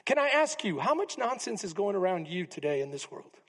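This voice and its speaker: High, husky-voiced pastor preaching in a hall. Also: male voice, fairly quick. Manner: animated storytelling, acting out quotes with humor. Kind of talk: sermon. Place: church sanctuary. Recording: long reverb of a church hall.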